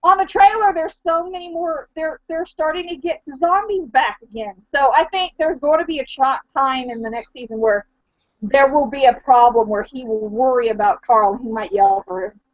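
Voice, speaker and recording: A woman's voice: high-pitched, moderate pace. A woman chatting casually and eagerly making confident predictions. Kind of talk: casual chat about a TV show. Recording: dull lo-fi recording.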